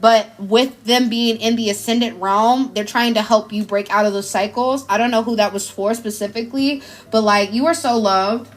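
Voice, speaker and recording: A woman's voice: fairly high pitch, fairly even intonation, normal speed, few pauses, slight background noise. A woman, giving an emotional, effusive live tarot reading in casual slang. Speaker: tarot reader. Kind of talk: live spiritual card reading.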